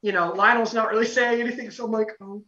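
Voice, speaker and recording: A young man telling a story as a podcast guest, excited and rambling, full of fillers. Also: high-pitched, quick pace. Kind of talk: casual storytelling. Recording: roomy, distant, dull lo-fi podcast audio.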